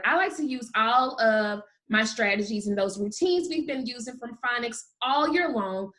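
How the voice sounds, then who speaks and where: A woman teaching a kindergarten phonics lesson, sounding out letters slowly and praising often. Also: fairly high pitch, fairly bright tone. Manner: slow, drawn-out sounding of letters with frequent praise. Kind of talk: phonics lesson for young children.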